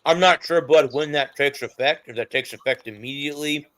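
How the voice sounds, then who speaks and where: A man with a slightly higher voice talks sports in a casual chat. He halts and restarts as he works through his thoughts. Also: fairly bright tone. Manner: hesitant, halting. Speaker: sports talk co-host.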